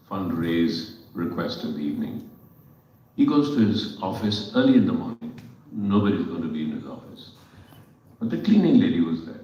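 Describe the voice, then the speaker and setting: A man's voice: on the low side, slight background noise. Indian man telling stories in an echoey hall. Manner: animated storyteller with rhetorical questions. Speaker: panel speaker. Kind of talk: storytelling talk at a panel. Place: event hall on stage. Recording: echoey hall from far off, dull sound.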